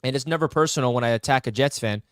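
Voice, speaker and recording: A man's voice: mid-range voice, rapid-fire, clean tone, no echo, clean studio sound. A young man hosting a live sports talk stream, fired up and emphatic as he banters with fans. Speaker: sports channel host.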